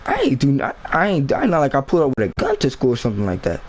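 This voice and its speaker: Casual vlogger man, rambling and slangy storytelling, mid-pitched. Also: huge pitch swings, fast talker, rough recording.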